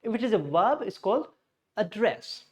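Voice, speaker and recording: A male English teacher's high, animated voice carries a pronunciation lesson at a moderate pace. He goes step by step, dropping in Hindi glosses and correcting himself as he speaks.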